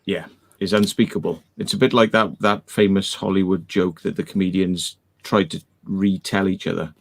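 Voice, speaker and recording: A man's voice: sits low, steady tone, moderate pace, gravelly. A man hosting a casual chat, laid-back and joking.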